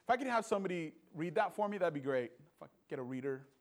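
A man preaching a sermon in an earnest, halting way, often repeating words as he restarts. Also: on the high side, animated.

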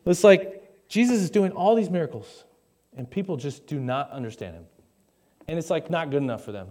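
A man's voice: fairly high pitch, lively intonation, normal speed, warm tone. A young man preaching a conversational sermon to a live congregation on a stage mic, with jokey asides and questions to the audience. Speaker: pastor.

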